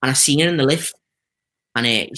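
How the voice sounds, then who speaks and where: Brisk and mid-range, a man with a Scouse accent recounts his stuntman adventures in an easygoing interview. He's chatty and full of lively anecdotes, quoting people's voices along the way.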